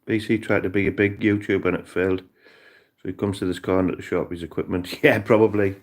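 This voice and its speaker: A man's voice: low voice, fairly even intonation, fast talker. A man with a Cumbrian accent chatting casually and rambling on a live stream, often calling people "mate". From Cumbria, England. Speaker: livestreamer.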